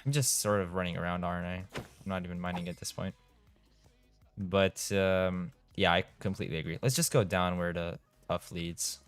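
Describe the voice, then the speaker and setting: A man's voice: sits low, flat delivery, normal speed, clear, resonant tone, soft background music. A young man from Europe, chatting casually on a game live stream, reading out and answering chat and laughing often. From Eastern Europe. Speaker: gaming streamer.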